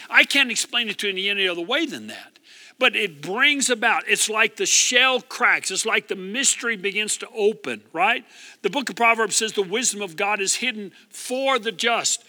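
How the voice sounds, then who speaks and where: A man's voice: high voice, sharp tone. Older man preaching in an echoey hall. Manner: call-and-response preaching, asks for amens. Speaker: pastor. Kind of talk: sermon. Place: church hall.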